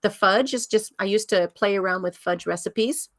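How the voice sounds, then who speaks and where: A woman's voice: mid-range voice, normal speed, no room sound, studio quality. A woman over fifty, a health coach giving a casual workshop talk, chatty and rambling with many ums and restarts.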